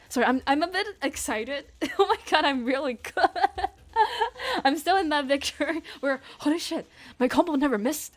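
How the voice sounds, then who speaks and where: Excitable high-voiced woman gaming. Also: moderate pace, dry recording. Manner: excitable, laughs a lot, reads dialogue aloud. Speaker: gaming streamer. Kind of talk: excited gameplay commentary.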